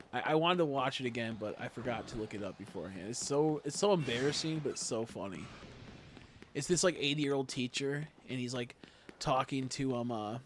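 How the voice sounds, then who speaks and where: A man's voice: mid-range voice, slight background noise. A young man in casual live-stream chat, rambling and swearing as he talks to his viewers.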